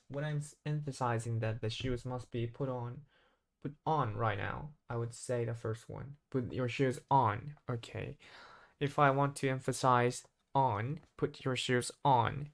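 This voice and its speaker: Halting man thinking aloud while studying. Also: mid-range voice, gravelly. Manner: hesitant, halting, constantly restarting and self-correcting. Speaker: English learner. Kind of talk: self-study vocabulary practice, thinking aloud.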